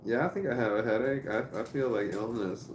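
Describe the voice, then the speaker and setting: A man's voice: mid-range voice, fairly quick, far from the mic. A man in his fifties talking casually to camera at home in a rambling, self-talking way. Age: 50s. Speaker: vlogger. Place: at home indoors. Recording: echoey room with background noise.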